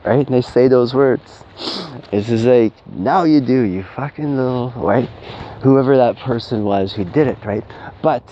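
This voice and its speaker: Man, mid pitch, loose rambling monologue, acts out quotes, muffled lo-fi audio. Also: warm tone. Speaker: spiritual advice speaker. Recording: dull lo-fi audio with faint hiss.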